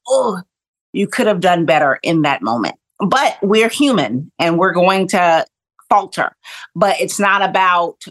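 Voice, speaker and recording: A middle-aged woman, a kindness coach, tells a personal story in an animated way, acting out the voices she quotes. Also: on the low side. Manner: animated, acts out quoted voices, laughs often.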